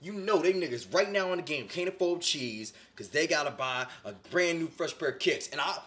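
A man's voice: a little high, animated, fairly quick, fairly bright tone. A young man doing a comic cooking video in his home kitchen, talking in a swaggering, slang-heavy, boastful way. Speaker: comedic cooking vlogger. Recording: echoey kitchen, faint noise.

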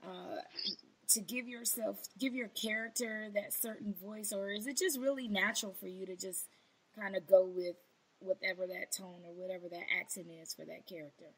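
A woman's voice: mid-range voice, fairly even intonation, normal speed, husky, poor audio. A woman hosting an interview, chatty and affirming with her guest. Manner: chatty, laughs along, affirming. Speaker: podcast host. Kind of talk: casual interview chat.

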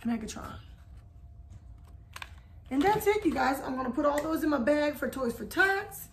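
An adult woman hosts a casual haul vlog, walking viewers through her shopping finds in a slightly high, animated voice at a moderate pace. She chats easily and hums theme tunes as she goes, with faint clicks and slight noise in the background.

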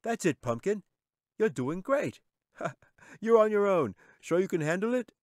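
A man's voice: deep voice, slow pace, dark tone, slightly rough, dry recording, studio quality, heavily acted. A man voicing a cheerful, coaxing storybook dad. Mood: encouraging. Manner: upbeat, coaxing. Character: cheerful encouraging family dad.

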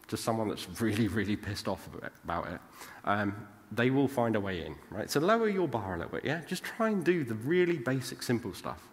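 A British man giving a casual conference talk, chatty and forever checking in with "right?". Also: medium pitch. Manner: chatty, tags lines with "right?". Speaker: conference speaker. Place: large conference hall. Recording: long hall reverb.

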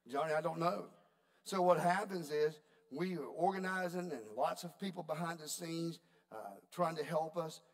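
A man preaching a sermon, telling a story in a folksy, animated way. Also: a little high, normal speed. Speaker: pastor.

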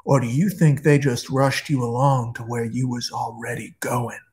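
A man voicing a bitter old guard in hell, speaking slowly in a low, hushed voice. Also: little pitch movement, natural voice. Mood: grim.

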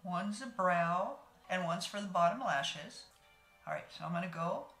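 An older woman in her sixties, talking through a makeup tutorial in a homey, chatty way and speaking to her viewers as friends. Her voice sits a little low. The room is echoey, and soft music plays faintly underneath. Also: moderate pace. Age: 60s. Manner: homey, talks to viewers as ladies, narrates each step. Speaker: beauty vlogger.

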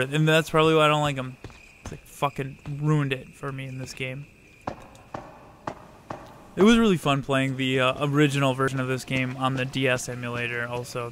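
A young man streaming a game, chatting casually with viewers, swearing freely and shouting at the game. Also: mid-range voice, background noise. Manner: profane, chatty, outbursts at the game, greets viewers. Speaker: let's play streamer. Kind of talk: casual live-stream gaming commentary.

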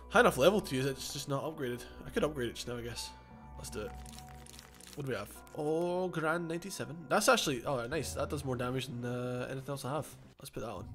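A man talking his way through a game in a loose, rambling way, often stopping to correct himself and chuckle. His pitch sits in the middle for a man. Faint game music plays behind him. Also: a bit bright. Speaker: gaming channel host. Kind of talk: casual let's-play commentary.

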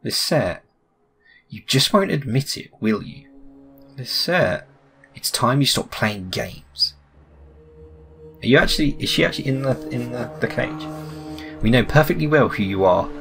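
A man's voice: mid-range voice, animated, a little slow, gravelly, long pauses, a bit bright, soft background music. A young man doing let's play commentary on a game, asking puzzled running questions and reading the characters' lines aloud. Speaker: gaming YouTuber.

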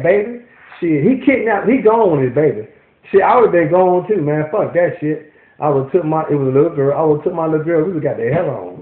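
A vlogger with a rather high voice rants to camera, profane and worked up. His animated commentary keeps restarting, and the audio sounds echoey and tinny, like a phone.

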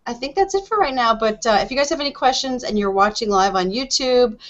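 A woman's voice: a little high, lively intonation, fast, fairly bright tone. Bubbly woman co-host, muffled web call. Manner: bubbly, laughs often. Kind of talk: casual live web show chat. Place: home with window open, plane noise.

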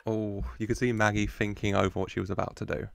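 A man's voice: on the low side, little pitch movement, quick pace, vocal fry, clear, resonant tone, no room sound, studio quality. A man hosting a reaction video, chatting casually and laughing often as he gushes over the characters. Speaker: reaction channel host.

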